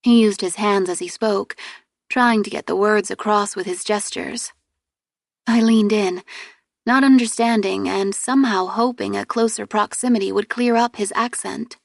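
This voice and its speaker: A woman narrates a novel in the first person, clear and steady in her storytelling. Her mid-range voice sits close and dry with no room around it. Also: mid-range voice, moderate pace, no room sound. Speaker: audiobook narrator.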